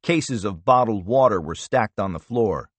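A man narrating a thriller audiobook in a measured, expressive storytelling manner. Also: fairly low pitch, husky, no echo. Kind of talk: scripted narration.

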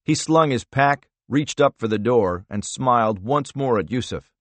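A man narrating a thriller audiobook in a steady, measured reading style. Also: mid-range voice, no echo. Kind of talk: scripted narration.

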